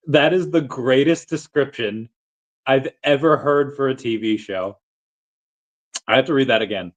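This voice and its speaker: A man's voice: mid-range voice, unhurried. A man hosting a casual livestream, reading chat in a rambling, self-amused way from an empty basement on a tablet mic. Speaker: livestream host.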